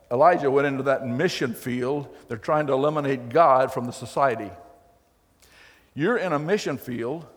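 A man preaching a sermon as pastor, telling the story in a folksy, animated way with acted quotes. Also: medium pitch. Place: church hall. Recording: long hall reverb.

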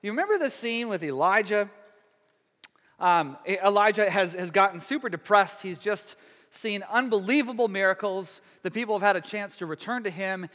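Pastor, male, high bright voice, chatty sermon delivery with restarts and hushed drops, big reverberant hall. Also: lively intonation, moderate pace. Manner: conversational preaching with frequent restarts, dramatic hushed drops.

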